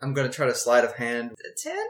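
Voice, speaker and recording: A man playing in a casual tabletop game, eager and quick to act. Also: medium pitch, huge pitch swings. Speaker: player. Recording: roomy echo.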